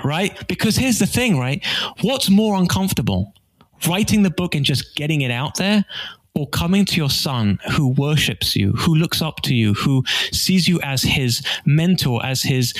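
A man's voice: a little high, measured pace, low-quality recording. A man as a podcast guest, telling stories animatedly and acting out the lines of others. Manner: animated storyteller who acts out dialogue. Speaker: guest author. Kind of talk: podcast interview.

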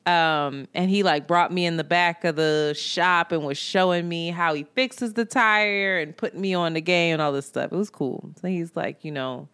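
A woman's voice: on the low side, normal speed, few pauses, clean tone. Chatty woman telling a dating story. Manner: animated storytelling, swearing, acting out quotes. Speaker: podcast co-host. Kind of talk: casual chat. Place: New York.

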